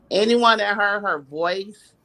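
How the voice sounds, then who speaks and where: Slow, blunt, tipsy woman caller. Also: medium pitch, sharp tone. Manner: slow, blunt, slangy talk. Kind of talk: casual live-stream chat.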